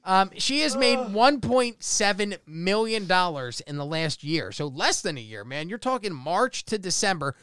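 A man with a high, smooth, resonant voice hosts a loose comedy podcast. He reads out odd news stories and laughs a lot along the way. The recording is dry, with no room sound. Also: big pitch swings, normal speed, hardly any pauses, fairly bright tone, no echo. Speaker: podcast host. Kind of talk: casual comedy chat.

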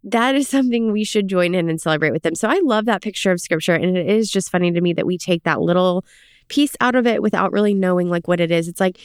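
A woman with a lowish, smooth voice talks casually on a faith podcast, filling her sentences with "like." The sound is close and dry, with no room around it. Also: quick pace, no echo. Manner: chatty, many "like" fillers, animated when retelling. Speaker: podcast co-host. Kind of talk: casual faith chat with scripture reading.

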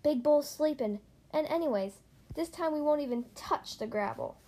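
A woman's voice: high voice, animated, normal speed, warm tone. A woman doing a folksy, playful tow truck guy.

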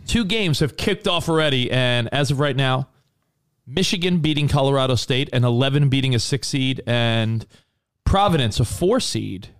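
A man's voice: medium pitch, normal speed, smooth. A man co-hosting a casual talk radio show, telling stories and acting out quotes. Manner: animated storyteller, acts out quotes. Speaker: co-host.

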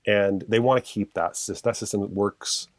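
A man with a deep, low-pitched voice speaks in a relaxed conversation. He argues his point with earnest passion, rambling and correcting himself as he goes. The sound is dry and close, with no room around it. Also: moderate pace, no room sound. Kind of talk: casual conversational chat.

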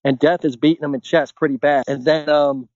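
A man's voice: on the high side, fairly even intonation, brisk, darkish tone, no echo, lo-fi sound. A middle-aged man speaking earnestly and casually as a podcast guest, rambling with many filler phrases. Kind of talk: casual conversational interview.

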